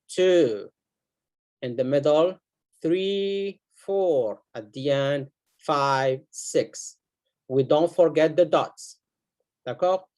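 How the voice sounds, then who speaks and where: A man's voice: fairly high pitch, darkish tone. A man teaching beginners to read Arabic letters and words, sounding each one out and repeating it for the learners. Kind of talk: beginner reading lesson.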